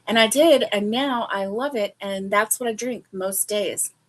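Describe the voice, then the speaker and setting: A woman's voice: medium pitch, unhurried, a little hiss or hum. A woman hosting a casual crochet livestream. She chats with viewers and rambles with lots of fillers. She sounds a little sleepy. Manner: chatty and rambling, with many fillers; talks to viewers directly.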